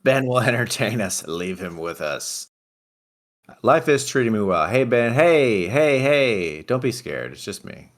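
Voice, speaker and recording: A man with a very low, deep voice answers viewer questions in a flat, deadpan way. He speaks casually into a desk mic at a home streaming setup. It sounds like relaxed livestream chat. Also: unhurried. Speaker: livestream guest reading chat.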